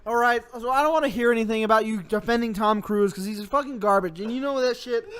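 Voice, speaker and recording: Very high-voiced man ranting angrily. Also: bright, forceful tone, smooth. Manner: angry, swearing constantly, mock-threatening. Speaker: host. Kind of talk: comedic profane rant.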